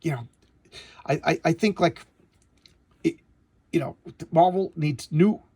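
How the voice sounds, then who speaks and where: With no room sound at all, a middle-aged man whose voice sits on the high side, husky and a little mellow, speaks somewhat slowly. He hosts a casual chat reviewing old comics as a collector, enthusiastic and rambling, full of stammered restarts.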